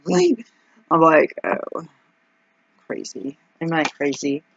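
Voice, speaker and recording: A woman vlogging casually as she works through her budget out loud, anxious and rambling, with frequent ums and exclamations. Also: low-pitched, unhurried, muffled recording, a little hiss or hum. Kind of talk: casual vlog, thinking aloud over budget.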